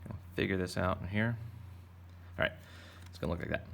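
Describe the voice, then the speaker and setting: Deep gravelly man teaching kids to draw. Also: quick pace, a bit bright, slight background noise. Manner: playful, rambling, jokey. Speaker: art teacher. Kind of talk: casual drawing lesson for kids.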